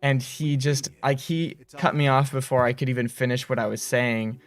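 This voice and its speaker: A man hosting a game studio's livestream, telling stories in a rambling, animated way on a close mic. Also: medium pitch, moderate pace. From United States. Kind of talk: casual livestream chat.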